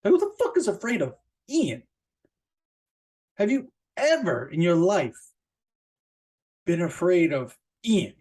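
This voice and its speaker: A man's voice: slow pace, pauses often. Profane rambling man ranting solo. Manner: profane, rambling, with many fillers and restarts; animated, jumping up in pitch for emphasis. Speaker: podcast host. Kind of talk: casual solo rant.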